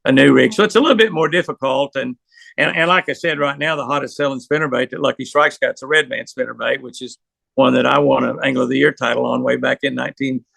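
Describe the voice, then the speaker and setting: A man's voice: mid-range voice, steady tone, quick pace, gravelly, fairly bright tone, dry recording. An older man, a professional angler, telling rambling, folksy anecdotes in an interview. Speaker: pro angler guest. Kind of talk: storytelling interview.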